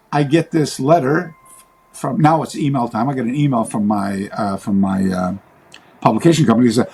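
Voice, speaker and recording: A man speaking as an interview guest in a casual chat, rambling and halting, with many fillers and restarts. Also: mid-range voice, darkish tone, slightly rough, rough recording.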